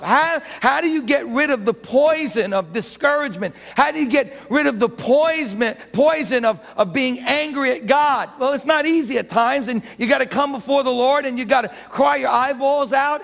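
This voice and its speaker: A man's voice: very high voice, vocal fry, fairly bright tone. A middle-aged man preaching a sermon as pastor, emphatic and full of rhetorical questions to the congregation. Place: church sanctuary. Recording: reverberant church hall.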